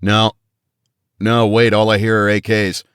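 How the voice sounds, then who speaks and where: A man voicing a young male soldier who is loud and wary in a military audiobook. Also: fairly low pitch, flat delivery, unhurried, clean tone, no echo, clean studio sound, voice pushed up. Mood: excited, nervous.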